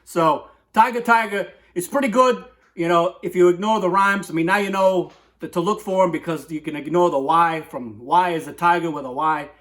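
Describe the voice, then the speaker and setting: A man's voice: a little high, steady tone, brisk, hardly any pauses, fairly bright tone. A man hosting a comic poetry talk in a rambling, digressive monologue, constantly asking "right?".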